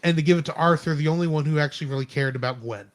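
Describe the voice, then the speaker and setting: A man co-hosting a live stream, chatting casually about a movie in an animated, rambling way with lots of restarts. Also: fairly high pitch, rapid-fire. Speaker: podcast co-host. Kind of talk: casual film review chat.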